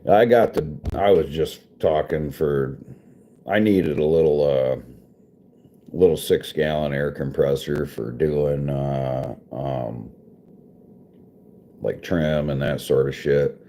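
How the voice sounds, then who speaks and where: A man with a slow, steady, mellow bass voice chats casually with his stream viewers as a vlogger and livestreamer. He's an adult with a wife and kids, and he rambles, swears, and laughs often.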